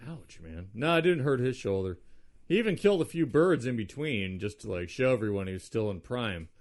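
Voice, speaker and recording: A man's voice: mid-range voice, expressive, a little fast, darkish tone. Rambling, teasing podcast host man. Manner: rambling, teasing, many fillers. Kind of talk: casual chat.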